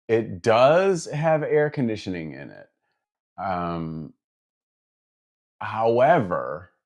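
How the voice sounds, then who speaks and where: A man from the Midwest chatting casually on a live stream, rambling with lots of fillers and restarts as he reads out viewer comments. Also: sits low. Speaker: guitar builder streaming to viewers.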